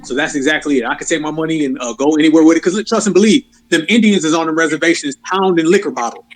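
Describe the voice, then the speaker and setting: A man hosting an online audio chat room, talking bluntly and hyping up the speakers. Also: a little high. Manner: fast, blunt, hyping others up. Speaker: host. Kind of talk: casual chat.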